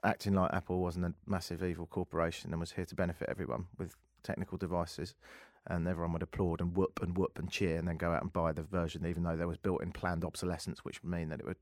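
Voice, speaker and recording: A man hosting a talk radio show, ranting sarcastically with lively asides from a studio microphone. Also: low voice, fast, few pauses, no room sound. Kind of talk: opinionated talk radio monologue.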